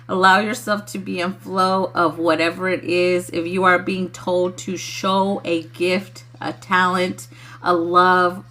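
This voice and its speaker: A woman's voice: mid-range voice, a bit bright. A woman giving a casual spiritual livestream message, chatty and loose, laughing often.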